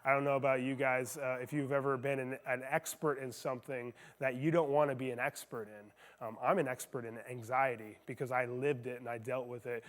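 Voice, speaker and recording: A man's voice: mid-range voice, steady tone, brisk, few pauses. A man giving a casual youth talk, telling stories with frequent fillers and restarts. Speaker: youth speaker. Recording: long reverb of a hall.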